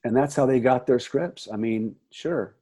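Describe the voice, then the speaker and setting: A middle-aged man who works as a first assistant director, telling set stories as a podcast guest in lively, chatty conversation with frequent restarts. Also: mid-range voice, moderate pace, husky. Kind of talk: casual conversation.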